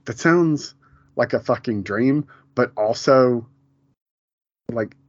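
In a mid-range voice and at a slow pace, a man co-hosts a casual podcast chat about a TV show, rambling, restarting and laughing often. The audio has no echo and is dull and lo-fi, typical of a home podcast.

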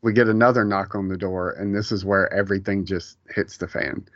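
40s guy on a podcast, lowish voice, rambly, keeps cutting himself off, dry muffled mic. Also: fairly even intonation, brisk, fairly bright tone, no room sound. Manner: rambling, self-interrupting, laughs at his own retellings. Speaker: podcast co-host. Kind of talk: casual chat.

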